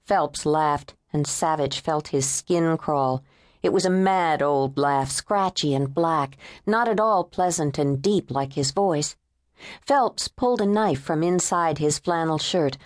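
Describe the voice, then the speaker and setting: A woman narrating an unabridged thriller audiobook in a measured, tense storytelling manner. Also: low voice, a little mellow, no room sound, studio quality. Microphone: close studio mic.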